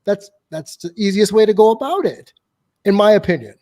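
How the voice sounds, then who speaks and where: A man hosting a casual podcast chat as a dating coach, blunt and opinionated, telling stories with animated asides. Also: sits high, fairly quick.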